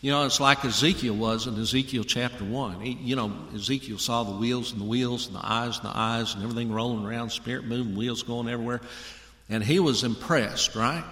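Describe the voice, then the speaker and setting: A man's voice: medium pitch, fairly quick, a bit bright. Man preaching in an echoey church hall. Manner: folksy, addresses congregation directly. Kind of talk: sermon. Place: church auditorium. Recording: echoey hall with long reverb.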